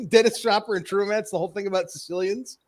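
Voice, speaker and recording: A man's voice: high-pitched, fast talker, a loud crowd. A man in a casual stream chat who rambles, loses his thread and apologizes for going off track. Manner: rambling, self-interrupting, apologetic.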